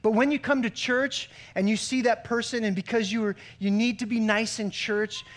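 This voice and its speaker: A man's voice: high-pitched, fairly even intonation, normal speed. A man pastor giving a sermon in a conversational way, with joking asides and stories. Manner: conversational preaching with joke-telling asides.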